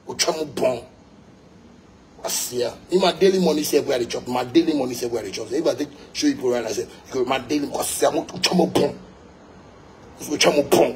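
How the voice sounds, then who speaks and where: A man with a Ghanaian English and Pidgin accent ranting angrily, repeating himself and hurling insults in loud bursts. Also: medium pitch. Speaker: musician ranting. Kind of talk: angry rant.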